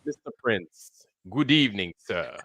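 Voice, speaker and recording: A man's voice: on the low side, very animated, unhurried, vocal fry, bright, forceful tone, a little hiss or hum. A man hosting a casual live stream, loose and slangy, greeting viewers by name in a running roll call. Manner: greets viewers by name one after another. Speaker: livestream host.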